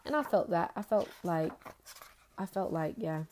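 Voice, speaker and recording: A woman's voice: on the low side, lively intonation, moderate pace, darkish tone, a little hiss or hum. A young woman talking earnestly in a casual faith vlog, rambling and full of fillers.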